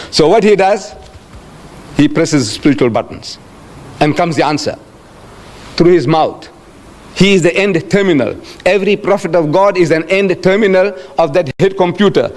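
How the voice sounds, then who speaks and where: A man's voice: a little high, darkish tone. An older man with a South African accent giving a public religious lecture, emphatic and repetitive, acting out quoted speech. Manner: emphatic, repeats phrases, acts out quoted speech. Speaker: Islamic lecturer.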